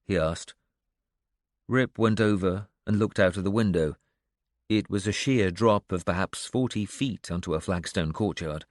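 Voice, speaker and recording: A man reading an audiobook aloud in an even storytelling manner, close to the mic. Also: sits low, a little slow, no room sound. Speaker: audiobook narrator. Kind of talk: scripted narration.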